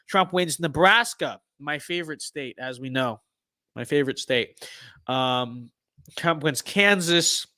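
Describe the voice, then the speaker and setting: A young man streaming a game and commenting casually, hyped, jokey and boastful, often shouting with excitement. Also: on the high side. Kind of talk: casual gaming livestream commentary.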